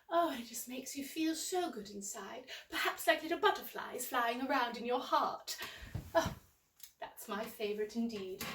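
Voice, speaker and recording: A woman's voice: sits high, a little hiss or hum. A woman playing a cheerful, prim English nanny with an English accent, hosting a children's storytime in character, full of gasps and exclamations and coaxing young viewers at home. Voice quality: bright, gasping, exclamatory, full of "oh"s. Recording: roomy echo, voice from a distance.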